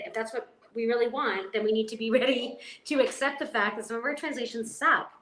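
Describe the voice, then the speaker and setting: A woman's voice: a little high, steady tone, fairly quick, few pauses, a bit bright. Female translator, casual chat, echoey room, faint hiss behind. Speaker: translator, podcast guest. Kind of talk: casual book discussion.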